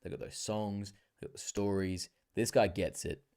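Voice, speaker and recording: Low-voiced profane streamer. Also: male voice, moderate pace, gravelly. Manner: loose, profane, slangy chatter with bursts of excitement. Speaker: livestreamer. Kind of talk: casual live-stream reaction commentary.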